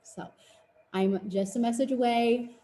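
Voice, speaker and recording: A woman's voice: a little high, steady tone, unhurried, dark tone, roomy sound, poor audio. A woman in her twenties, a fitness business coach, giving an earnest, encouraging webinar presentation. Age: 20s.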